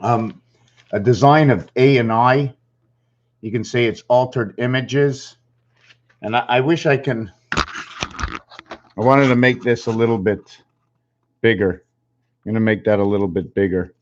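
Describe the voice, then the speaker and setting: Halting, musing man on a dull recording. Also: medium pitch, fairly even intonation. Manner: musing, halting, spells and counts aloud. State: a little out of breath. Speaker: channel host. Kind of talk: rambling numerology talk while drawing.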